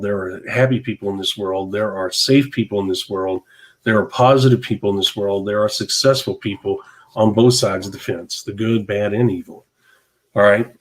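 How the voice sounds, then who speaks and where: A man hosting a podcast, giving an emphatic, repetitive motivational monologue in a preachy tone. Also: mid-range voice. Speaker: podcast host.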